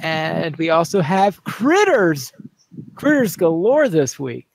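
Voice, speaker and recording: A man hosting a game podcast, chatting casually with a laugh, and reading poems slowly. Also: fairly high pitch, big pitch swings, creaky, no echo, poor audio. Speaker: podcast host. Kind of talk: casual chat and poem reading.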